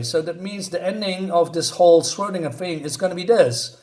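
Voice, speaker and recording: A man's voice: sits high, normal speed, a little mellow. A man reviewing a comic book in a scornful, exasperated rant, often stumbling into restarts.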